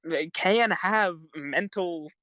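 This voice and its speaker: A young man in his teens co-hosting a casual podcast, talking in a rambling, halting way with many fillers. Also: sits high, bright, forceful tone, no room sound. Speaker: podcast co-host. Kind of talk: casual chat.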